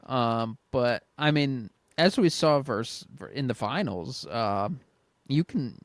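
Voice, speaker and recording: A man's voice: medium pitch, expressive, slow, no echo. Man, podcast co-host, casual basketball chat, reads listener questions, jokey, dry close mic.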